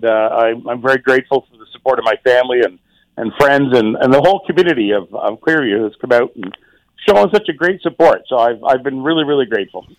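On a low-quality recording with no room sound, a medium-pitched middle-aged man, mayor of a township, speaks informally as a guest on the radio. His delivery is halting, full of fillers, repeated words and false starts.

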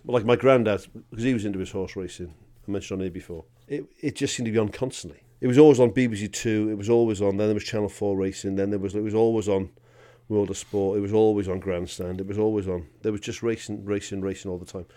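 Fast-talking, mellow-voiced podcast man. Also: on the low side, fairly even intonation. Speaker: podcast co-host. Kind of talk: casual chat.

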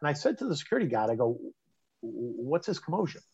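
Animated New man, husky voice. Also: medium pitch, fast talker. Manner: animated, emphatic, stammers on restarts. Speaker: interview guest recounting a personal story. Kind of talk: conversational storytelling. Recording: dull lo-fi sound.

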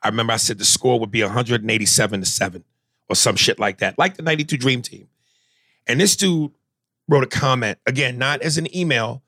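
A man co-hosting a comedy podcast in casual chat, animated and profane, often stammering as he restarts. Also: mid-range voice, no room sound. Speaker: podcast co-host.

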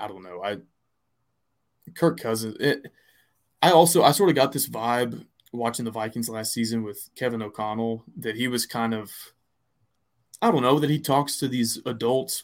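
A man at an average pitch talks sports in a loose, rambling way. He co-hosts a podcast and keeps circling back with fillers and restarts. His tone stays casual and conversational. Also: normal speed. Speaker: podcast co-host.

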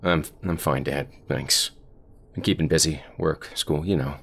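A man's voice: rumbling low, steady tone, unhurried, creaky, fairly bright tone, slightly rough, heavily acted. A man voicing a frightened young man who speaks nervously and stammers. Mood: tense.

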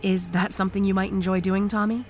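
A man voicing an excitable woman English teacher who gushes breathlessly. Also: sits high, quick pace, soft background music, voice pushed up, natural voice. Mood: giddy. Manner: gushing, breathless.

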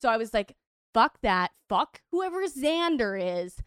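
A woman guest on a podcast, telling a story in animated casual chat, filling it with "like". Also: on the high side, a little slow, a little hiss or hum.

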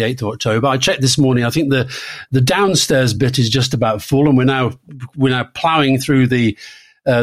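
An older man in his sixties co-hosts a political podcast in a relaxed, conversational way. He often stops and restarts his sentences and leans on fillers as he goes. His voice sits at an average pitch. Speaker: podcast co-host. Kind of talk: casual political chat.

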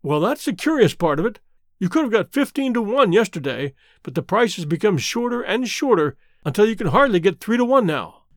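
A man's voice: high-pitched, brisk, no room sound, clean studio sound. A man voicing an agitated proud colonel. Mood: indignant. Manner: brusque, excitable. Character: proud, agitated older male colonel, horse owner.

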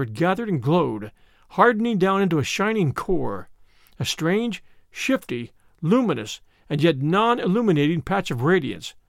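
Man reading a spooky old story, lively rise and fall, higher voice, dead dry recording. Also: gravelly, no echo. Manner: expressive, vivid storytelling. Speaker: narrator. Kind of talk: dramatic audiobook narration.

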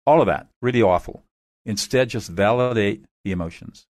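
Measured man explaining, dry sound. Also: on the low side, darkish tone, dry recording. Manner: measured and instructive. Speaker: expert guest. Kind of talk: interview answers, explaining methods.

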